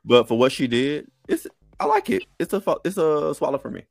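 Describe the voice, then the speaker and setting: Man co-host, emphatic and expressive, lively pitch swings, dry dead sound. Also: a little fast, gravelly, no room sound. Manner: expressive, emphatic, cusses freely. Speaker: podcast co-host. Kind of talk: casual recap chat.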